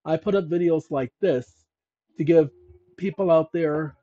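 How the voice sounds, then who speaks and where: Man, channel host, instructional talk, emphatic, dark warm tone, dull lo-fi sound. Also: on the high side, measured pace, no echo. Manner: emphatic, talks to viewers as "ladies and gentlemen", checks in with "okay?". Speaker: channel host giving legal advice. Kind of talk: instructional screen-share talk. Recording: dull lo-fi recording.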